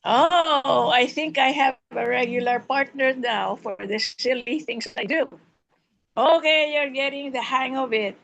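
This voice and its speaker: A woman's voice: high voice, a little slow, vocal fry, a bit bright, rough recording. A woman leading table topics at a speaking club meeting, teasing and playful with the members. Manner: teasing, acts out silly quoted voices.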